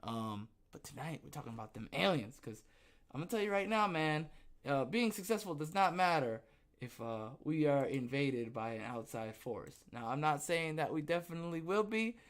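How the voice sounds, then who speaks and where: A man with a somewhat high voice hosts a podcast live, talking off the cuff. He rambles loosely, breaks into laughter and keeps checking in with "okay?". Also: sing-song, normal speed. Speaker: podcast host. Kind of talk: casual livestream chat.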